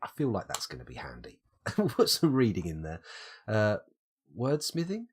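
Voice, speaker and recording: A British man streaming live gameplay, his voice husky and breathy from a cold. He thinks aloud and mulls over each option, and his pitch swings up and down in a lively way. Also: moderate pace. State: has a cold, coughing.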